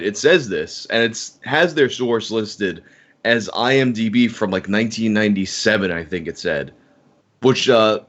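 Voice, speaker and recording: A relaxed man guesting on a podcast, telling rambling stories with casual swearing. His voice is on the low side and comes through dull and lo-fi. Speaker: podcast guest, online video maker.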